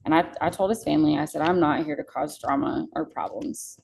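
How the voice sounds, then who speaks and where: Podcast guest: young woman, low and gravelly, candid storyteller who curses freely. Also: brisk, darkish tone, slight background noise, rough recording. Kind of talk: casual emotional storytelling.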